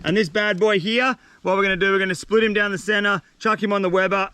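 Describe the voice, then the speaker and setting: An Australian man vlogging outdoors on a windy coast, talking in an energetic, slangy, enthusiastic way. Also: high voice, fast, clear, resonant tone. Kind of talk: casual vlog narration.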